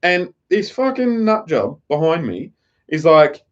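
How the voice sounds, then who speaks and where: This Australian man's voice sits on the high side, and he's very animated though a little slow as he rambles through a profanity-laced story in casual live-stream chat. The recording is lo-fi and slightly dull.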